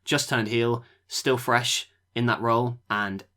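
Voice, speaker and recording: A man's voice: mid-range voice, fairly even intonation, takes it slowly, pushed and bright. A man hosting a podcast, reviewing matches in a rambling casual chat that often trails off. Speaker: podcast host.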